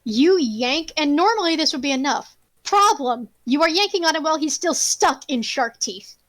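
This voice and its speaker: Brief: high-pitched woman game master, animated, swears freely, dry close sound. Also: moderate pace, no room sound. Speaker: game master narrating a tabletop game. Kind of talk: casual tabletop narration.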